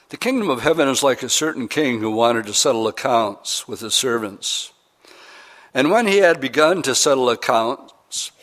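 A man's voice: medium pitch, fairly bright tone. A man preaching a sermon in a conversational, earnest way, with emphatic rises. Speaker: pastor.

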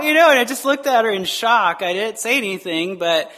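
Animated male pastor preaching. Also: high voice. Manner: animated, digressive, acts out quoted voices; frequent fillers and quick asides. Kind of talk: sermon.

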